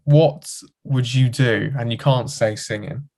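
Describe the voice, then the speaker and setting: A man's voice: mid-range voice, a little slow, a little mellow. A man co-hosting a podcast, chatting casually with enthusiasm and frequent giggles. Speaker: podcast co-host. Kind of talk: casual chat.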